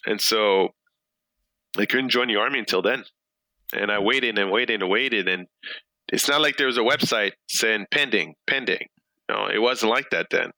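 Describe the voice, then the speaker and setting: Gravelly, bright-voiced man telling a story. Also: on the low side, normal speed, no room sound, poor audio. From France. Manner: animated, retells dialogue with many fillers. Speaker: guest. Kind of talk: storytelling interview talk.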